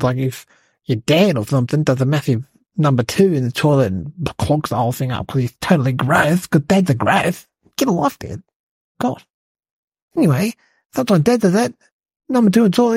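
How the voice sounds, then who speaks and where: A man voicing an excitable, rambling young schoolboy, telling a comedic story. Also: fairly high pitch, breathy edge, no echo. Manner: breathless rambling storyteller, lots of "like" and "guys".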